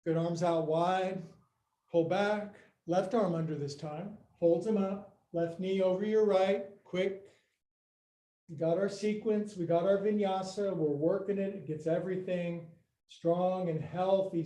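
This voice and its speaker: A man's voice: sits high, fairly even intonation, measured pace, mellow. An older man teaching a live-streamed yoga class, giving upbeat, playful cues and counting through poses, sometimes out of breath. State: out of breath at times.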